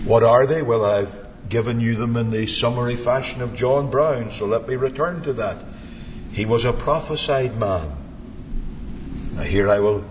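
A man delivers a sermon at an unhurried, deliberate pace, his voice sitting fairly high and swinging between soaring and hushed passages. The recording is dull and muffled, with a long hall reverb and a faint hiss underneath. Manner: slow, dramatic preaching with wide swings from soaring to hushed. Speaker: preacher.

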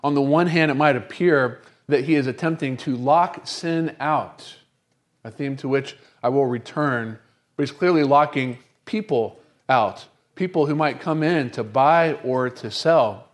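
Middle-aged guy preaching, slows way down on the big points, lots of rhetorical questions. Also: mid-range voice. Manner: rhetorical questions, emphatic slowed phrases. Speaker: pastor. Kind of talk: sermon.

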